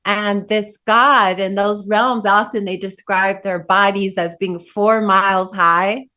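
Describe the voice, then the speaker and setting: During a dharma talk, a woman meditation teacher tells a story in an animated, conversational way, tossing in casual asides. Her pitch is medium and she takes her time.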